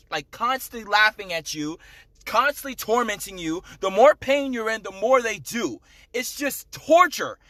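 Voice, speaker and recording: A man with a high, bright voice recounts a personal testimony straight to camera. He speaks intensely and emphatically, pressing his points and checking in with the listener, in a dry, close recording. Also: no room sound. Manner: intense, emphatic, repeats "okay?" to the viewer. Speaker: vlogger.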